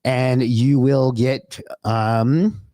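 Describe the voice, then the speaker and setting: Casual livestream host, dry close sound. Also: male voice, medium pitch, fairly even intonation, very slow, mellow, no echo. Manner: loose and chatty, swears, talks to himself.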